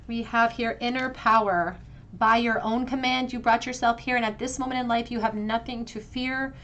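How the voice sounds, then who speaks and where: A woman's voice: a little high, fairly even intonation, unhurried, long pauses, a bit bright, lo-fi sound. A woman giving a pick-a-card tarot reading, speaking straight to the viewer in an earnest, emotional way and talking with braces. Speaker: tarot reader.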